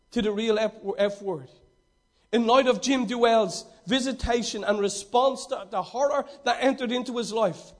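A man preaches a sermon in a strikingly high voice for a man. He stresses his points and circles back to repeat them. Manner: emphatic, repeating key phrases.

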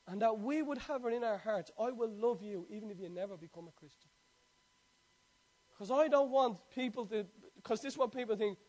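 High-voiced man preaching. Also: darkish tone. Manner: storytelling, conversational, quotes scripture. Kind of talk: sermon.

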